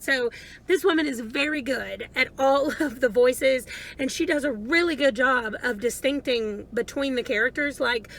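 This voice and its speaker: A woman's voice: high-pitched, pushed and bright, rough recording. A woman chatting casually about a book she read, rambling and chatty. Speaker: book vlogger. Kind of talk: casual book review chat.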